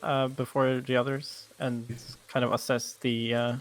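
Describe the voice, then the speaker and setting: A man playing a tabletop game, talking casually with hesitant pauses. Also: medium pitch, level tone. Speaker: player.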